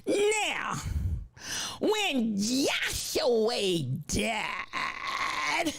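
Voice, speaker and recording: A dead-serious little preacher man with a nasal voice, stretching each word into a slow, solemn pronouncement, as a woman puts him on. The pitch sits high and swoops widely between words. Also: sing-song, gravelly, fairly bright tone, full character voice. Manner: slow, drawn-out solemn delivery.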